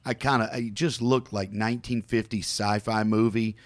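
A man co-hosting a podcast, telling a shopping story in a casual, animated way and acting out what other people said. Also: lowish voice, moderate pace, no room sound. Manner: animated anecdote teller, mimics other people. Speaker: co-host.

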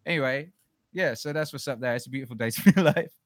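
A man's voice: medium pitch, very fast, dry recording. A man hosting a casual livestream Q&A, talking in a profane, fired-up ranting way. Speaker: livestream host.

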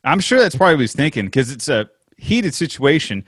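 A man's voice: mid-range voice, big pitch swings, fairly quick, fairly bright tone, breathy edge, dry recording, clean studio sound. A man chatting casually with friends, adding wry remarks. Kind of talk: casual chat.

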